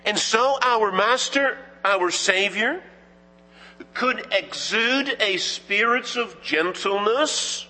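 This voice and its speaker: A male pastor delivers a measured, emphatic sermon with a husky, high voice. He speaks slowly and poses rhetorical questions. The sound carries a long reverb from a church hall. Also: pushed and bright. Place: church sanctuary.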